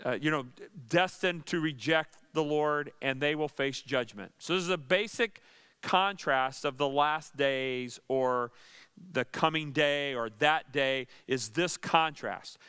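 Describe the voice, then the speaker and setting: Pastor, male, earnest Bible teacher, slightly high, clear voice. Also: slow, sharp tone. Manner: earnest, with dry sarcastic asides.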